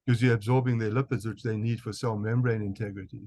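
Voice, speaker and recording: A man's voice: lowish voice, steady tone, fast talker, darkish tone. A man with a South African accent, a physician answering interview questions emphatically, often repeating words as he restarts. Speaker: guest physician.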